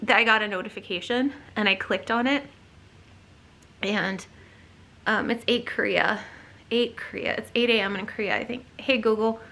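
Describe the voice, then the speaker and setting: A woman vlogging at home in a casual, expressive way, moving between soft talk and loud outbursts. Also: fairly high pitch, normal speed, creaky, long pauses. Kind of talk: casual vlog chat to camera. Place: at home with her dogs.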